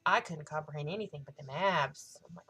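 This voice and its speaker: A woman in her thirties telling a story in a casual vlog, excitable and gushing, with a habit of swearing. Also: low voice, a little fast, slightly rough. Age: 30s. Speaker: vlogger.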